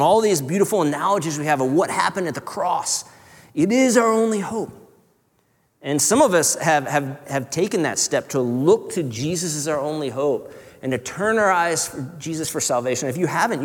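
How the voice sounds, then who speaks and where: A man preaching a sermon in an earnest, conversational way, sometimes dropping to a hush. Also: on the high side, husky. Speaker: pastor. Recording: reverberant hall.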